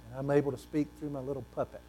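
A male pastor preaching a sermon, animated and asking the congregation questions, swinging between loud and hushed delivery. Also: mid-range voice, rapid-fire, slight background noise. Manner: repeats words for emphasis, asks the congregation questions.

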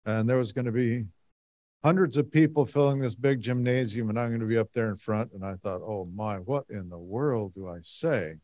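Man, middle-aged, folksy rambling anecdote, pauses with fillers, dry sound. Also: medium pitch, warm tone, dry recording. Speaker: lay speaker giving a talk. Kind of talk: storytelling talk to a congregation.

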